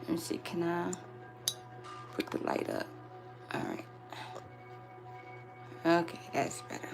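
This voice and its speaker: A woman's voice: on the low side, big pitch swings, slow pace, vocal fry. Female live-stream host, casual and affectionate, phone-camera sound with faint music underneath. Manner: affectionate, chatty, calls viewers "my babies" and "y'all". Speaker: spiritual reader hosting a live stream.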